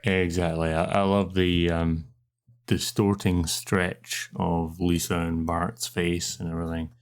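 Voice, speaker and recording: A man's voice: low voice, level tone, measured pace, smooth. A Scottish man co-hosting a podcast, laid-back and a bit sweary in casual chat. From Scotland. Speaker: podcast co-host.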